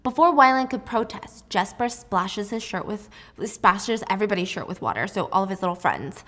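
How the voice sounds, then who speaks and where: Animated young woman retelling a story. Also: mid-range voice, normal speed. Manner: animated, jokey, chatty. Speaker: book recap host. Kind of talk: casual storytelling recap.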